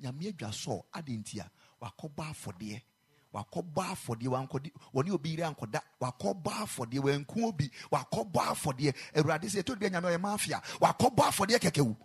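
A man preaching a sermon in a chapel, moving between quiet speech and loud sung exhortation. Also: fairly high pitch, lively intonation, brisk, breathy edge.

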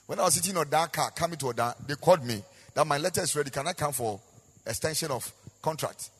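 In an echoey hall with long reverb, a pastor with a Ghanaian accent delivers a sermon in a fairly high, husky voice, talking fast. He preaches in a sing-song, repetitive way, with sung emphasis that rises and falls.

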